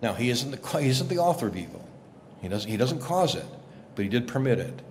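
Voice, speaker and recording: A man, a guest journalist, explaining scripture in a lively conversational way, acting out quotes as he tells the story. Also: medium pitch, brisk, a little hiss or hum. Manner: animated storyteller, acts out quotes. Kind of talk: conversational Bible teaching.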